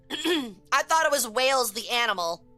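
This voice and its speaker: A woman's voice: on the high side, animated, measured pace, sharp tone, soft background music. A woman streamer chatting casually with her viewers, joking crudely and rambling in a chaotic way. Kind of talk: casual live-stream chat.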